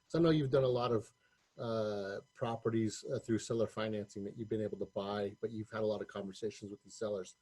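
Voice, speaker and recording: A man co-hosting an online course, asking the instructor a measured question. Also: fairly low pitch, fairly even intonation, warm tone, slightly rough.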